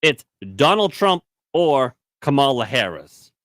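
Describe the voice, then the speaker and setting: A man co-hosting a casual news podcast, telling animated stories and swearing freely. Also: medium pitch, a little slow, no echo. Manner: animated storyteller, acts out voices, swears. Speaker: podcast co-host. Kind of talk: casual banter about news.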